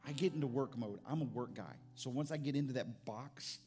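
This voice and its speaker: A middle-aged man preaching in a loose, conversational way, stumbling and restarting as he goes. His voice sits at an ordinary pitch for a man, with faint music playing softly under his words. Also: brisk. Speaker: pastor. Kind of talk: sermon.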